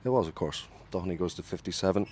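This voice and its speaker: A man leading a radio cricket broadcast from a commentary booth, calling each ball in a lively way and correcting himself as he goes. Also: low-pitched, fast, slight background noise.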